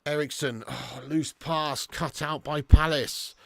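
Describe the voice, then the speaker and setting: A man hosting a live football watch-along, commentating and reading viewer chat, excitable and swearing freely. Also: on the high side, takes it slowly, vocal fry. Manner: excitable, swears freely, swings from muttering to shouting. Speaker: fan channel host.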